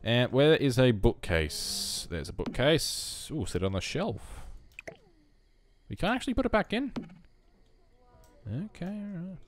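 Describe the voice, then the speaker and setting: A man's voice: mid-range voice, big pitch swings, unhurried, long pauses, slight background noise. A young man chatting casually over a life-sim game, talking to his characters and poking fun at himself. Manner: chatty, self-mocking, talks to his characters. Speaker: gameplay commentator. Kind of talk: casual let's-play commentary.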